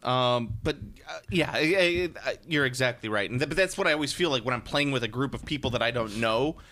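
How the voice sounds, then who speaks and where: Casting: man, podcast co-host, casual chat, laughing and lively in pitch, swears freely. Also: brisk. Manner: laughing, profane, mimics people in exaggerated voices.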